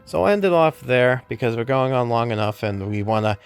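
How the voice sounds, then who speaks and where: A man's voice: medium pitch, animated, fairly quick, gravelly, clean tone, soft background music. A man casually recapping a game story as a YouTuber, rambling with many fillers and self-corrections. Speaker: gaming YouTuber.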